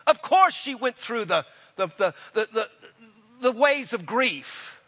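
A man preaching a sermon with passion, swinging between loud declarations and hushed, intense moments. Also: very high voice, animated, takes it slowly, in a large hall.

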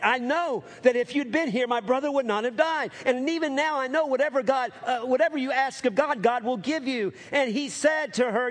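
A man preaching a sermon as pastor, calling for amens, swinging from emphatic highs to hushed lows. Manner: calls for amens from the congregation.

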